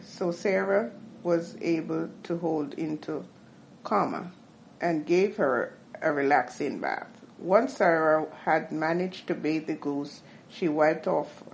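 A woman's voice: sits low, a little hiss or hum, poor audio. A woman narrating a story in a plain reading voice, stumbling on a few words.

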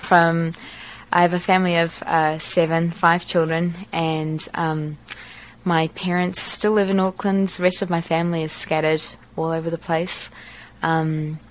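A woman from New Zealand speaks with a clear New Zealand accent in a fairly low register. She talks in a relaxed, unscripted way, pausing often with ums and small restarts. A faint hiss sits under the recording. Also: low-quality recording. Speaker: dialect archive speaker. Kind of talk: reading a passage, then casual unscripted talk.

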